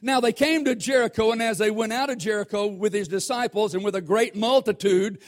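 A man with a high-pitched voice preaches a sermon, animated and repeatedly questioning the congregation. He slows down whenever he wants to stress the scripture.

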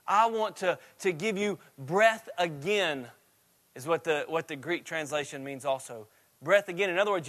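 A man preaching a sermon, with a repetitive cadence that swings from quiet and low to loud and rising. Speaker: pastor.

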